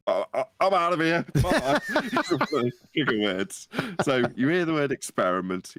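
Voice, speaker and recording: Low-voiced man in animated chat. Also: no room sound. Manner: animated storytelling, acts out quotes in a high voice. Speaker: podcast panelist. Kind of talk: casual chat.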